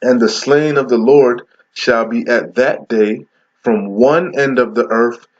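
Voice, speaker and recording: A man preaching from scripture in a confrontational, profane way. He reads verses slowly, then breaks them down and keeps asking "okay?". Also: mid-range voice, dull audio. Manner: slows down to read verses aloud. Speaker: street preacher. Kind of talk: scripture reading with commentary.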